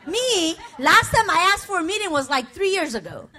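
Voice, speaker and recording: High, bright-voiced middle-aged woman preaching. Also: big pitch swings, moderate pace. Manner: emotional, confessional preaching with call-and-response; conversational and personal, with asides to the congregation. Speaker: pastor. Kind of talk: sermon.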